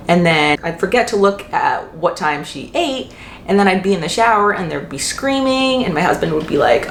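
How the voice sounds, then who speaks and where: Chatty young mom in an echoey room. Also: female voice, fairly low pitch, lively intonation, a little fast, vocal fry. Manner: chatty, frequent fillers and self-corrections. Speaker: mom vlogger. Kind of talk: casual Q&A vlog. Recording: echoey room with faint hiss.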